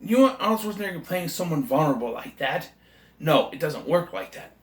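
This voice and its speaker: A man's voice: on the high side, lively intonation, a little fast, roomy sound. A man giving a casual, rambling, enthusiastic movie review, often correcting himself mid-sentence. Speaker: film reviewer.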